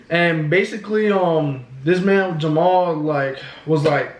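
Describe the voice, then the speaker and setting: A man's voice: fairly high pitch, slow, hardly any pauses. A man telling a story in a casual, profane, filler-heavy way, filmed at home. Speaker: vlogger. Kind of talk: storytime vlog. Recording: echoey room.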